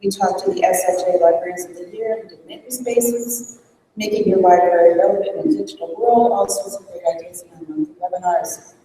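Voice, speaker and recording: A woman's voice: fairly low pitch, brisk, mellow, a little hiss or hum. A woman leading a librarians' network, thanking her team and announcing new leaders at a conference breakfast. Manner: upbeat, reads off names and thank-yous. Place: large conference hall. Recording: echoey hall, voice from far off.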